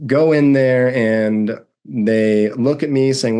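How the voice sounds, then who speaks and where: A man's voice: on the low side, a little slow, hardly any pauses, clean tone. A young man, a podcast guest, vividly retelling a personal story and acting out what others said. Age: young adult. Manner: vivid, animated retelling with acted-out quotes. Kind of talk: storytelling in a conversation.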